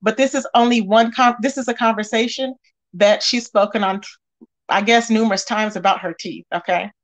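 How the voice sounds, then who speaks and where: A woman hosting a casual gossip commentary, talking straight to her viewers in an animated way with lots of fillers. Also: mid-range voice, normal speed. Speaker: commentary channel host.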